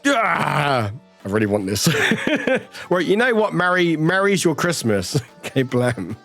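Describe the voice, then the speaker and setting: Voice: mid-range voice, very animated, soft background music. Chatty streamer reading chat aloud. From United Kingdom. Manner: chatty, rambling, warm toward chat, quick laughs. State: slight lingering cough.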